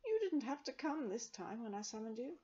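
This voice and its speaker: A woman's voice: a little high, sing-song, a little fast, warm tone, muffled recording, a little hiss or hum, pitched above the performer's own voice. A woman voicing an earnest, tender-hearted young girl who speaks in a pleading way.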